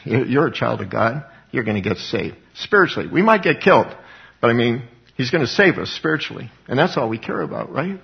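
A man's voice: mid-range voice, expressive, moderate pace, creaky. A man teaching from the Bible in an informal sermon, his voice in a middle register. He talks to listeners conversationally, chuckles often and throws himself into acting out the quoted verses. The recording is dull and lo-fi.

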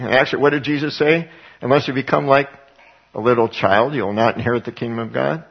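A man's voice: medium pitch, fairly even intonation, fast talker, gravelly, breathy edge. A man preaching a Bible study, reading scripture and acting out the voices of people in the stories. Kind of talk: Bible teaching. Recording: dull lo-fi recording.

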